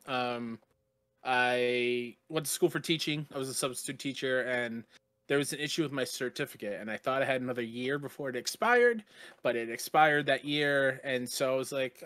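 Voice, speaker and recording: A man's voice: medium pitch, normal speed, a bit bright, dry recording. A man talking as a guest on a podcast, earnest and heartfelt, from Long Island, New York. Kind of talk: casual podcast chat.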